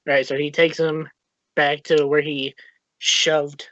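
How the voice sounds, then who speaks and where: A man describing his character's actions in a tabletop game, talking loosely and laughing often. His voice is a little high, recorded dry and slightly dull. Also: level tone, slow pace, fairly bright tone, dry recording. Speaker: player. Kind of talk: casual chat, tabletop game.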